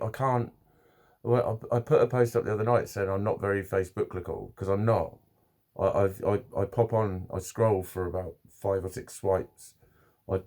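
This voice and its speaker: A man's voice: on the low side, dark tone. A man talking to camera in a rambling, casual vlog, swearing often and restarting his sentences. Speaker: vlogger.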